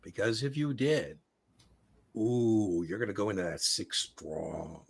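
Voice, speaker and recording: A man hosting a casual livestream Q&A as an exam prep coach, chatty and animated, telling stories. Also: fairly low pitch, unhurried, creaky, husky.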